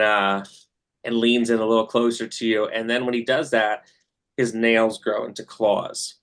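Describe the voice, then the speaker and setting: A man's voice: medium pitch, fairly bright tone. A man running a tabletop game as game master, narrating scenes with many fillers and hesitations.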